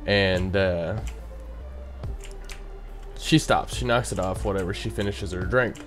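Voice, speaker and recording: Laid-back man with a low voice. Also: a little slow, over music. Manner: rambling, many "you know what I mean" asides. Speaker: bartender telling a story. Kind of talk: casual storytelling vlog.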